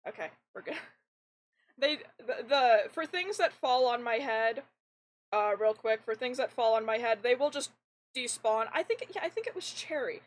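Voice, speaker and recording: A young woman with a slightly high, fairly androgynous voice talks through a desk mic at a moderate pace while streaming a game. She chats casually and animatedly with viewers, rambling and restarting often. The audio is poor.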